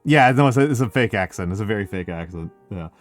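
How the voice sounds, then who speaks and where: A man's voice: fairly low pitch, expressive, fast talker, soft background music. Rambling man with a Chicago accent. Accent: Chicago with some New York. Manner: rambling, self-correcting, many fillers. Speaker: VTuber streamer. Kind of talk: casual stream chat.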